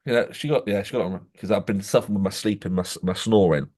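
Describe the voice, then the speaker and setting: A man co-hosting a podcast, telling stories in animated casual chat, saying "mate" often and acting out quoted voices. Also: fast. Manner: animated storytelling, says "mate" constantly; acts out quoted voices with jumps in pitch. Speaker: podcast co-host.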